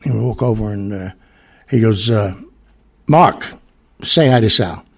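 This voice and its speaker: A man's voice: on the low side, unhurried, creaky, breathy edge. A man telling a long personal story in a casual, rambling way, with many fillers and restarts.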